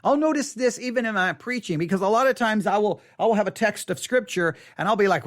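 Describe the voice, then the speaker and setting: A pastor giving an animated teaching talk to camera. The pastor stresses key words, repeats phrases and slips into quick mock quotes. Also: mid-range voice.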